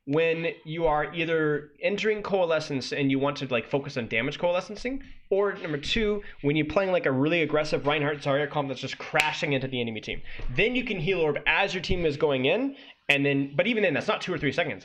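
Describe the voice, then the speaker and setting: Bright-voiced exasperated male coach. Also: fairly high pitch. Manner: exasperated, ranting critique with sudden incredulous outbursts. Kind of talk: reviewing a guide on stream.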